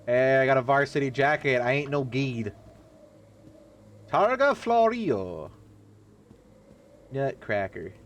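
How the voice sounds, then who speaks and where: A man's voice: lively intonation, slow, pauses often, lo-fi sound. A man streaming a horror game, talking casually and profanely while he plays. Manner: loose, profane running jokes with sudden pitch jumps. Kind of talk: casual gameplay commentary.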